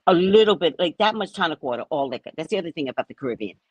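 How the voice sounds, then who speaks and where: A woman telling a story casually to her viewers, animated and swearing, often checking in with "right?". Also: sits low, rapid-fire, breathy edge, no echo, low-quality recording. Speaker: vlogger, spiritual reader.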